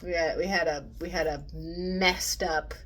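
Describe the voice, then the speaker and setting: A woman's voice: lowish voice, steady tone, a little slow, fairly bright tone. A young woman vlogging a casual movie review rant. She swears freely and acts out quotes in mocking voices.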